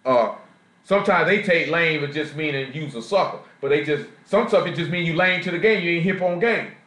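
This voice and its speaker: A man's voice: on the high side, a little fast, a bit bright. A man preaching a slangy street-talk sermon in a Southern US accent, often asking the congregation questions. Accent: Southern US, Jacksonville Florida. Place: church assembly room. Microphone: live stream recording. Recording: echoey room, live stream.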